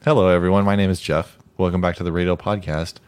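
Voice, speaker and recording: A man's voice: deep voice, steady tone, fast, smooth. A man co-hosting a casual podcast, chatty and self-mocking. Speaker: podcast co-host. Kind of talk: casual chat.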